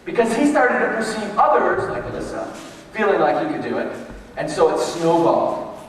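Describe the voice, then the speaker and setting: A man giving a motivational leadership workshop, telling stories in an animated way and acting out the quotes himself, recorded from far off in an echoey room. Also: sits high, moderate pace. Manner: animated storytelling, acts out quotes. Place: large room with tables, echoey. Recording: echoey hall from far off, faint ambience.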